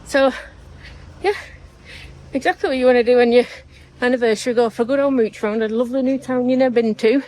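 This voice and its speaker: A woman's voice: a little high, fairly even intonation, fast talker, long pauses, warm tone. A middle-aged woman, chatting casually and joking as she vlogs to a handheld camera. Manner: chatty and jokey, laughs often. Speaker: travel vlogger. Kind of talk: casual vlog chat.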